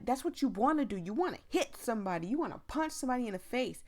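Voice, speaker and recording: A woman reading a story game aloud and chatting through her reactions in an expressive, talkative way. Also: medium pitch. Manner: expressive, chatty, with quick asides. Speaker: game streamer.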